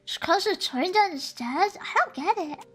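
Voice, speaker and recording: Bright high-pitched woman streamer. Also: lively intonation, normal speed. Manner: teasing, joking, laughs often. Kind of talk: casual stream chat. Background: faint lo-fi music.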